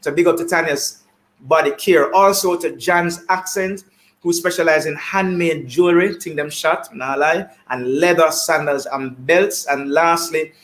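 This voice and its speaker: A man with a Jamaican accent hosting an online talk show, animated and full of repeated greetings and shout-outs, heard over a video call. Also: fairly high pitch, unhurried.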